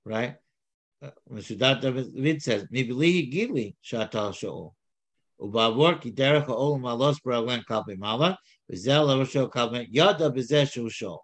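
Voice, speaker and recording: A man of middle pitch leads a casual text study. He reads passages aloud, then explains them in loose, halting sentences full of restarts. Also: lively intonation, slightly rough. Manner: halting, with many restarts and fillers. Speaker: Torah teacher.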